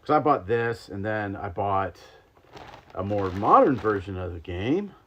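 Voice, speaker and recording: A man's voice: on the low side, sing-song, unhurried, bright, forceful tone, a little hiss or hum. A man hosting a livestream, chatting casually and rambling with lots of ums and likes while taste-testing sodas. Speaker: podcast host. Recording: slightly dull lo-fi stream audio.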